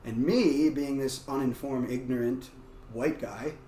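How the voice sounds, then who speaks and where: Man guest, casual animated storyteller, roomy far-off mic, faint hiss behind. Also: medium pitch, measured pace. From United States. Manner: loose and animated, frequent "like" fillers. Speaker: guest, martial arts practitioner. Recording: roomy, distant mic, faint background noise.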